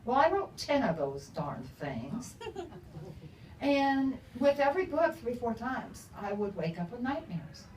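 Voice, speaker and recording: A woman's voice: on the high side, big pitch swings, unhurried, a little mellow, roomy sound, a little hiss or hum. Older female author, casual storyteller, laughs a lot; distant mic, faint room ambience. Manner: chatty, laughs often. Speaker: author at a book talk. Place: bookstore event room.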